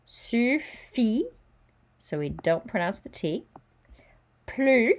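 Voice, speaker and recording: A woman teacher giving a careful pronunciation lesson. She says each French word slowly and distinctly, then explains it in plain English. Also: low voice. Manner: sounds out French words slowly and clearly, then explains them. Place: recording at home or in a classroom with a virtual whiteboard.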